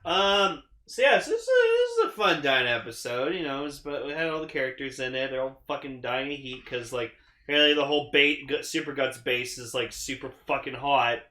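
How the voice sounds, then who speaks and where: A young man co-hosting a podcast, recapping an episode in casual chat, excitable, swearing a lot and acting out the characters' lines. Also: mid-range voice, a little fast, roomy sound. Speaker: podcast co-host.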